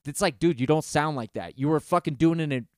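Profane rambling man, smooth voice. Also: brisk, dry recording, clean studio sound. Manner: profane, rambling, mimics singers in high mocking voices. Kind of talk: casual chat.

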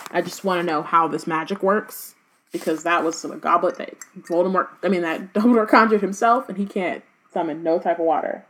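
A woman's voice: lowish voice, fairly even intonation, fairly quick, a bit bright. A woman co-hosting a podcast, chatting casually about a book and reading passages aloud, with lots of "like" fillers. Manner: chatty, heavy use of "like" fillers. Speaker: podcast co-host. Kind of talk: casual book-discussion chat.

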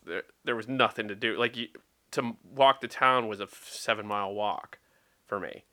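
A man in relaxed conversation, easygoing and agreeable, with a bright, forward voice. He trades short replies with his co-host. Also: fairly low pitch, moderate pace. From US Northeast. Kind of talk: casual chat.

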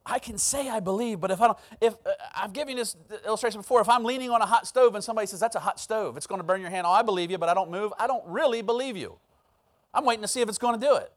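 A man's voice: sits high, fast talker. A man preaching a sermon as pastor, telling a personal story and acting out the voices in it. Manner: storytelling, acts out quoted voices.

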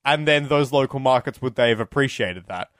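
A man co-hosting a film podcast, excitable and chatty, thinking aloud and laughing often. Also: medium pitch, brisk, no echo, studio quality. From Australia. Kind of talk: casual chat.

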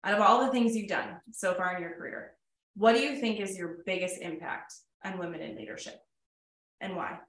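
A woman co-hosting a podcast who interviews her friend, reacting often and warmly supportive. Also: medium pitch, roomy sound. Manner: chatty, supportive, quick reactions. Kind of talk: casual interview chat.

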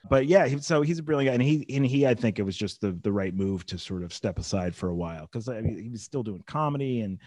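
A man's voice: medium pitch, lively intonation, fast talker, few pauses, a little mellow, dry recording. A man from North Carolina, a comedian guest chatting on a podcast, rambling and full of restarts. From Charlotte, North Carolina. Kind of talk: casual podcast conversation.

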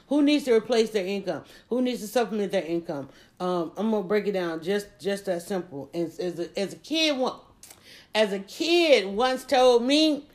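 Woman podcast host, energetic motivational monologue, speaking directly to her audience. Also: on the low side. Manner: energetic, preachy, talks straight to listeners.

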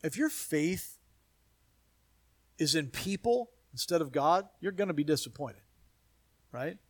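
A man's voice: on the high side, lively intonation, measured pace, pauses often, no room sound. Man, pastor, sermon, emphatic, repetitive rhythm, dry close sound. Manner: emphatic preaching in rising repeated phrases, dropping to quiet asides.

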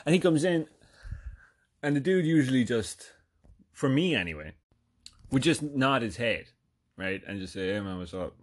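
A podcast host with a mid-range, expressive voice speaks a little slowly, pausing often as he tells a rambling comedic story. His delivery is profane and wandering, loaded with swearing and fillers.

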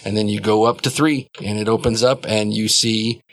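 A man's voice: fairly low pitch, steady tone, moderate pace, a bit bright, slight background noise. A man narrating a tabletop game as game master, describing scenes loosely with many fillers.

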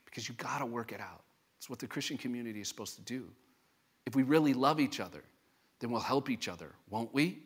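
A man's voice: medium pitch, fast talker, husky. A male pastor, a father of a young child, preaching a sermon in church in a conversational, joking way, asking the congregation rhetorical questions. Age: adult parent of a young child.

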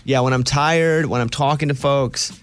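A man from Arkansas with a slight Southern accent, hosting a radio talk show in a chatty, animated way. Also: medium pitch, moderate pace, clean tone, soft background music. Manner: chatty, animated, self-deprecating.

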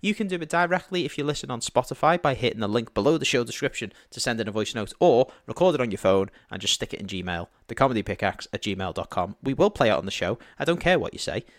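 Guy cohosting a comedy podcast, jokey and laughing a lot, mid pitch, dry close mic. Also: lively intonation, fast, hardly any pauses, no room sound. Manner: joking, laughs often, crude humor. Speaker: podcast co-host. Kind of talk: casual comedy podcast chat.

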